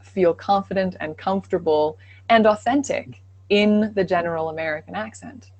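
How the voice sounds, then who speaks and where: A woman's voice: medium pitch, normal speed, a little mellow, no room sound, highs cut off. Woman, guest dialect coach, affirming, explains with analogies, dry close sound. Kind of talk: live online Q&A.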